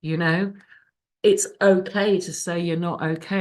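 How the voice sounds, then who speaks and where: Woman, lowish voice, raw emotional recovery share, swears, video call. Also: fairly even intonation, normal speed. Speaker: speaker sharing her recovery story. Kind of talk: personal testimony at a support meeting.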